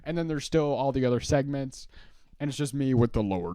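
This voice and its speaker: A man's voice: mid-range voice, animated, a little fast, mellow, no room sound, studio quality. A young man hosting a live stream, chatting casually in a rambling, joking way and often laughing. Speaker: streamer host.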